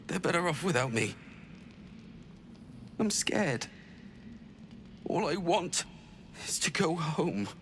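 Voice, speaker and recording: A man's voice: fairly high pitch, lively intonation, takes it slowly, pauses often, fairly bright tone, slight background noise, exaggerated voice. An actor playing a frightened young male soldier deserter who pleads and stammers nervously, in game dialogue. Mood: fearful. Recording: game audio with music behind.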